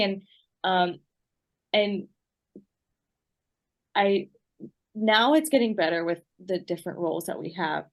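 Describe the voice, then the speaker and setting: A woman's voice: on the low side, measured pace, pauses often. A woman speaking as a podcast guest in casual conversation, reflective and hesitant, with many fillers.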